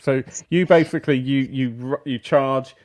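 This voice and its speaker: A man's voice: medium pitch, steady tone, normal speed, a little mellow. A man running a live-streamed tabletop game as game master, setting scenes vividly and laughing along with the players.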